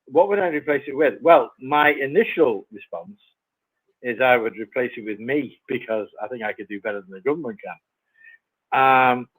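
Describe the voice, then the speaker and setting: Plain-spoken guest, dry close sound. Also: male voice, medium pitch, normal speed, a bit bright, breathy edge, no room sound, poor audio. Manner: plain-spoken, laughs easily. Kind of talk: live stream interview.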